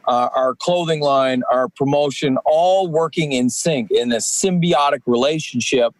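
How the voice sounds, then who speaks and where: A man in his forties, a professional wrestler and podcast guest, talking at length in a rambling, energetic way with many fillers. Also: medium pitch, unhurried, dry recording. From Canadian East Coast. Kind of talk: casual podcast chat.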